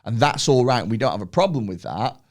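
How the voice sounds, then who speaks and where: A man's voice: medium pitch, expressive, quick pace. A man hosting a podcast, telling stories in a rambling way with many fillers and easy laughter. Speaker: podcast host. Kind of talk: casual podcast chat.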